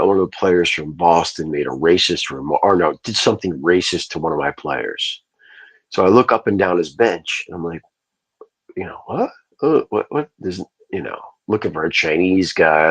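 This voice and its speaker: A man's voice: low-pitched, husky. A man hosting a livestream, telling a long rambling story in casual, profane speech. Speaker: livestream host.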